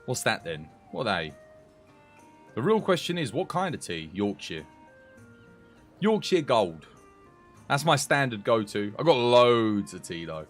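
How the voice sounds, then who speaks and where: A young British man chats loosely with his livestream viewers, drifting from one aside to the next with casual swearing. His voice sits at an ordinary middle pitch, and faint music plays underneath. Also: very animated, a little slow, long pauses. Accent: British English. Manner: chatty and rambling, swears casually. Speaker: game streamer chatting with viewers.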